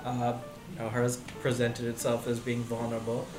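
A man in casual chat, reflecting in a halting way. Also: medium pitch, completely flat delivery, roomy sound, over music, low-quality recording. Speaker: podcast guest.

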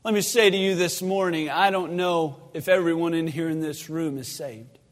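A man preaching a sermon as pastor, moving between loud, fervent pleading and hushed storytelling, recorded in a church sanctuary. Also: a little high, steady tone, normal speed. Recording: long reverb of a church sanctuary.

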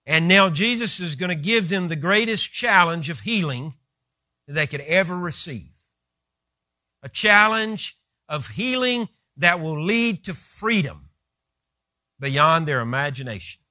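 A man's voice: a little high, expressive, unhurried, sharp tone, dry recording, studio quality. A man preaching a sermon who retells scripture with vivid, rising emphasis.

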